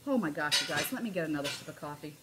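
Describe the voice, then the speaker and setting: A woman's voice: deep voice, lively intonation, very fast, very noisy. A middle-aged woman chatting casually through a live home craft tutorial, often calling viewers "you guys". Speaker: craft demonstrator.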